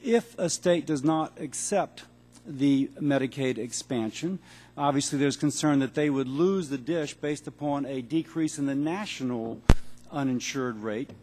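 A man who is a congressman and physician, questioning a witness at a hearing in a brisk, auctioneer-like way with blunt yes-or-no questions. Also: mid-range voice, darkish tone. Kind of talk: rapid-fire hearing questions. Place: large hearing room.

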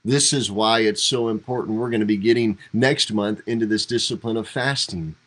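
A pastor teaches a devotional Bible study over a church livestream, chatting conversationally and performing quoted lines with rising emphasis. The recording is low quality, but his lowish, fairly bright voice stays steady at a moderate pace.

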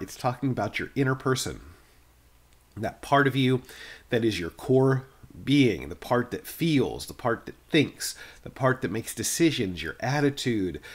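A middle-aged male pastor giving a plain-spoken, earnest devotional sermon, often restarting his phrases. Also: medium pitch.

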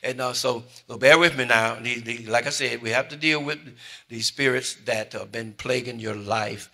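A man preaching a sermon, calling out to the congregation and swinging between hushed asides and loud exclamations. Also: mid-range voice, fairly even intonation, normal speed. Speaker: pastor.

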